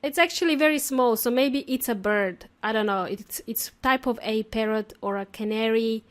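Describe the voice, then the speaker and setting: Chatty female podcast host, a bit high-pitched, casual teaching tone with easy laughs. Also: normal speed. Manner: chatty and talkative, laughs often. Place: lives in Australia.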